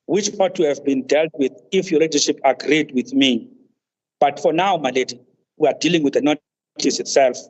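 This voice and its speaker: A man, counsel at a tribunal, making a formal legal argument, deferential and halting, saying "my lady" at almost every turn. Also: on the high side, darkish tone. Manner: deferential, says "my lady" constantly, halting restarts. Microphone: video call. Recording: muffled video-call audio.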